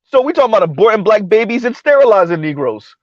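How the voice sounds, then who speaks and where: Brief: male live-stream host, stunned and animated commentary, dry close mic with a muffled, lo-fi tone. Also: high voice, quick pace, dry recording. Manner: animated, incredulous, repeats words and restarts often.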